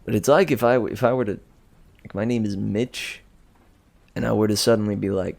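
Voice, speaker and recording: Male story reader in a loose aside, chuckly and self-amused, with a low, creaky voice. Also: steady tone, normal speed, pauses often, darkish tone. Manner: chatty, self-amused, chuckling, trailing off and restarting. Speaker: audiobook reader. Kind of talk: casual rambling aside.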